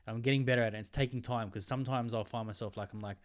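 A man with a mid-range voice who talks fast and chatty, playful, and throws in casual swearing. Relaxed podcast banter. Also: mid-range voice. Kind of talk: casual chat.

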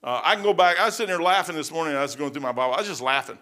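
A man's voice: a little high, racing, sharp tone. A man preaching informally, rambling through personal stories in a folksy way, often repeating words and acting out conversations.

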